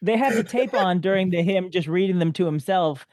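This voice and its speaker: Co-host: man, fairly high voice, dry close sound, punny and giggly. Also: a little fast, darkish tone, dry recording. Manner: punning, laughs often. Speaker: podcast co-host. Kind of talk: casual chat.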